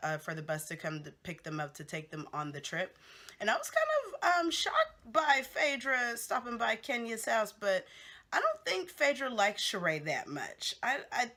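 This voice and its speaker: A woman's voice: mid-range voice, a bit bright. A woman hosting a casual gossip recap of a reality show, chatty and candid with lots of fillers and asides.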